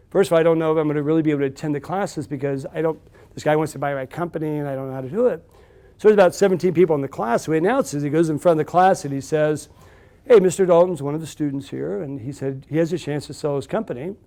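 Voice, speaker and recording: A man with a slightly higher-than-usual voice tells a story to a live audience. He acts out each side of the conversation and often restarts his sentences as he goes. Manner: animated storyteller, acts out dialogue, frequent restarts. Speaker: entrepreneur speaker at a live event. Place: event room with audience.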